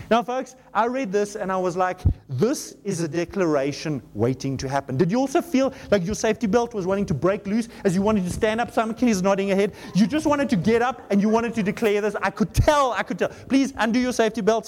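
A middle-aged male pastor preaching in a church, joking with the congregation and reading scripture slowly and emphatically. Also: high-pitched. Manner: animated, joking, with shouted exclamations. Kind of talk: sermon. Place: church auditorium.

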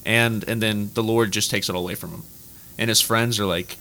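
A man's voice: lowish voice, brisk. A young man, a college athlete guest, answering questions casually and often saying "like". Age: young adult. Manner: relaxed, heavy use of "like". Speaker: college basketball player and guest.

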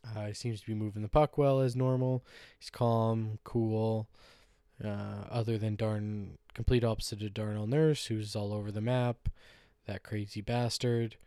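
A man's voice: fairly low pitch, flat delivery, a little slow, warm tone, clean tone, dry recording, clean studio sound. A man hosting a solo podcast, chatting casually in a loose, rambling, joking way with some swearing. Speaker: podcast host. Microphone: podcast microphone.

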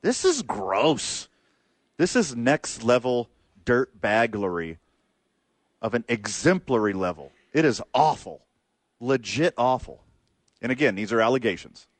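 A man's voice: medium pitch, a little slow, no room sound. A man co-hosting a sports radio show, cracking jokes in casual banter. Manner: wisecracking, animated.

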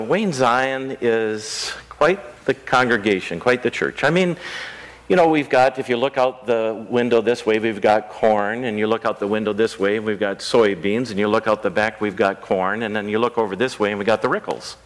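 A man's voice: fairly low pitch, normal speed, rough recording. A man pastor giving a children's message in a rural church, talking in a conversational way and asking the children simple questions. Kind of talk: children's sermon.

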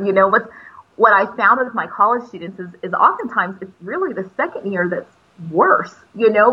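A woman's voice: mid-range voice, slightly rough, highs cut off. A middle-aged woman, a teacher mentor, chatting casually on a podcast and telling stories with many fillers and restarts.

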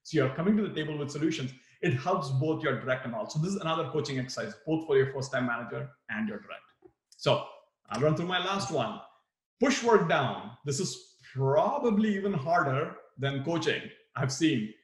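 A man's voice: a little high, animated, brisk, echoey room. A man teaching a workshop for new managers, acting out example replies with big swings in his voice. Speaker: management trainer. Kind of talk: live workshop talk on management.

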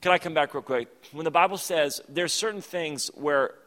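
Man, pastor, fairly high voice, emphatic and conversational, repeating key lines, long reverb of a big church hall. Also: moderate pace, a bit bright. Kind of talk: sermon.

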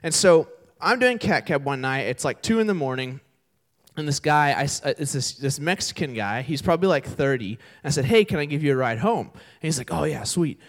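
A man's voice: a little high, animated, a little fast. A young man preaching a sermon to a live audience, telling a story in a casual, chatty way and often checking in with the crowd. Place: church service before an audience.

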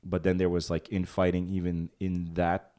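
A man with a very low voice hosts a casual podcast chat. He rambles loosely, cracks jokes and restarts his sentences often. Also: completely flat delivery, moderate pace, mellow. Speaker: podcast host.

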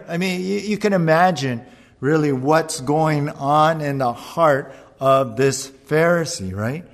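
A man preaching a conversational sermon, animated and often checking in with the listeners. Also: on the high side, takes it slowly, in a large hall. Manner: conversational, animated, keeps asking "right?". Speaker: pastor.

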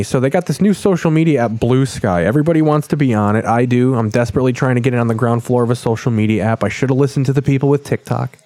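A man's voice: mid-range voice, darkish tone, dry recording. Guy podcast host swearing a lot, rambling jokes about tv. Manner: rambling, crude, joking. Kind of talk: casual profane commentary.

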